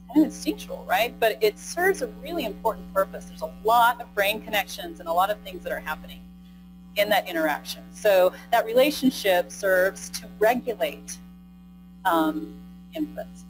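A woman's voice: medium pitch, low-quality recording. Chatty woman teaching a room. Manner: conversational, keeps asking the audience questions and adding "right?". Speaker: presenter. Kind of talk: live training lecture. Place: conference room with a live audience.

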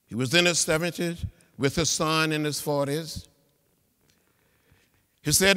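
A man, giving an inspirational speech in a rhythmic, preacher-like cadence with repeated phrases that swell to loud peaks. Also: on the high side, fairly even intonation, measured pace, long pauses, smooth. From Alabama. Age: 70s. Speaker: guest speaker. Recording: long reverb of a big hall.

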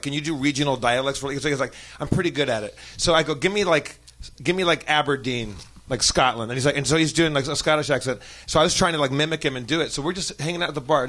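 A man from Milwaukee telling a story on a podcast, stammering and repeating words and laughing as he goes. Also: a little high. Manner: stammering, animated, laughs through stories. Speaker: podcast guest telling stories. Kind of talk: casual storytelling chat.

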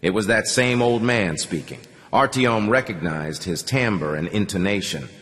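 Low, expressive male audiobook narrator. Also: unhurried. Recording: long reverb on the voice.

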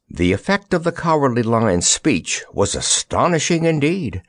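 A man reading a children's storybook aloud with lively, expressive narration on a close mic. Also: mid-range voice, moderate pace, hardly any pauses, dry recording. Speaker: audiobook narrator.

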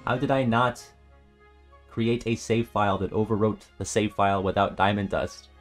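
A young man streaming a video game, joking and swearing, swinging from mumbles to yells, with faint music behind him. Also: on the low side, steady tone, moderate pace. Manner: swears a lot, jokey, swings from mumbling to yelling. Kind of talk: casual game-stream commentary.

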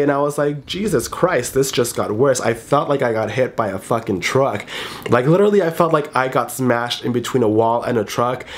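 A man in his twenties, sick with a congested cold, chatting animatedly at home in a casual vlog and swearing freely. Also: mid-range voice. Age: 20s. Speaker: YouTuber.

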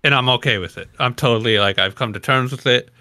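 A man's voice: medium pitch, fast talker, sharp tone, no echo, clean studio sound. A young man hosting a podcast, telling rambling stories in casual chat and laughing often. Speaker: podcast host.

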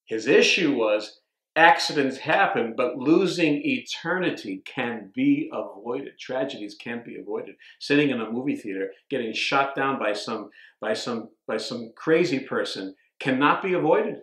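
A man's voice: medium pitch, expressive, measured pace, fairly bright tone, echoey room, low-quality recording. A man preaching a sermon as a pastor, stumbling over repeated words and restarting his sentences as he reads scripture aloud.

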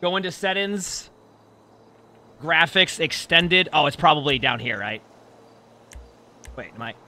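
A man's voice: a little high, expressive, unhurried, sharp tone. A male streamer talking casually to himself, puzzled as he works through the game's settings. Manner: puzzled, thinking aloud while fiddling with settings. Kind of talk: casual gameplay talk.

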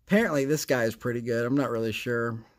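Man, casual vlog host, sarcastic, rambling chatter, mid pitch. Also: fast. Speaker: card collecting channel host. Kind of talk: casual card-opening vlog.

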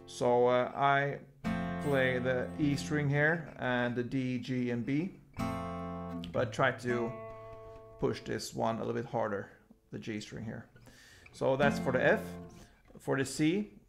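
Man, guitar teacher, casual lesson, slow talker, gravelly fry, loud guitar music behind. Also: medium pitch. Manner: slow, relaxed explaining between chord names. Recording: guitar playing loudly behind the voice.

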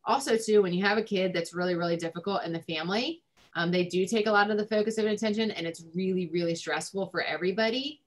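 A woman's voice: mid-range voice, fast. A woman family therapist giving advice in a recorded discussion, conversational with frequent ums and likes.

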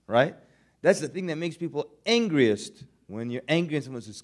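Guy giving a laid-back lecture, jokey, acts out little bits, normal mid pitch. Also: expressive, moderate pace. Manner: conversational, humorous, acts out little scenes. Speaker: Islamic lecturer. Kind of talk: casual lecture to students.

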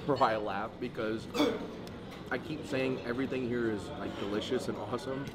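A man hosts a casual vlog from a hotel breakfast buffet, chatty and upbeat, peppering his speech with "bro" and "like." His voice is medium-pitched and steady at normal speed, with loud crowd chatter and busy crowd noise behind him.

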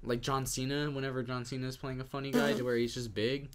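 A man's voice: mid-range voice, level tone, fast. Young man, podcast co-host, casual, laid-back, agreeable.

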